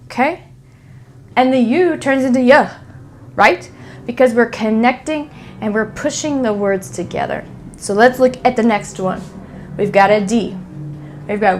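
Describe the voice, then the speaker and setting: A woman's voice: a little high, expressive, measured pace. A woman teaching English pronunciation, speaking carefully, repeating example phrases and often checking in with "okay?". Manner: frequent "okay?" check-ins.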